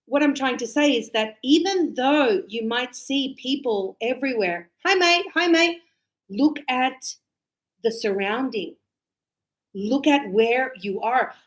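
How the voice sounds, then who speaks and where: Animated woman teaching English, slightly high. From Australia. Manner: animated, acts out short quoted exchanges. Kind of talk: casual classroom explanation.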